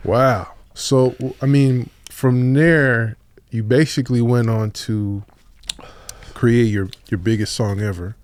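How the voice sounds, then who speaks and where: A man's voice: mid-range voice, fairly even intonation, takes it slowly, a little mellow, clean tone. A man hosting a podcast in casual chat, eager and affirming, throwing in lots of "yeah, bro.". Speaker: podcast host.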